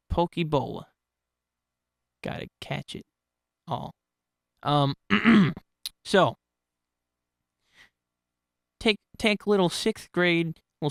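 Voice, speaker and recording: A man's voice: a little high, fairly bright tone, clean tone, no room sound, studio quality. A man telling personal stories in a casual, rambling way, often restarting and correcting himself. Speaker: channel host telling stories. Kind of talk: casual spoken storytelling.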